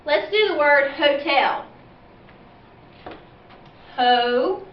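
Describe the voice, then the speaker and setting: A woman teacher patiently explaining reading steps for parents in clear, step-by-step speech. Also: sits high, a little slow, slight background noise. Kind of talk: instructional video for parents. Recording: roomy, distant, dull-sounding classroom recording.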